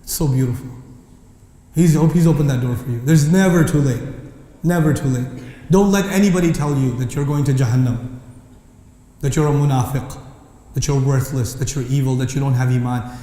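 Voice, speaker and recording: A man's voice: medium pitch, fairly quick. Impassioned male lecturer in an echoey hall. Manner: impassioned, rising to near shouting; mixes English with Arabic recitation. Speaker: Islamic lecturer. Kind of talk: lecture on Quran verses.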